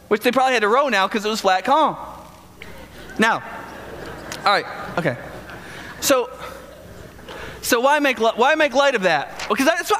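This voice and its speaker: A pastor preaches a sermon as casual, joking storytelling, acting out the voices of people in his story. His voice is extremely high-pitched, pushed and bright, with long hall reverb.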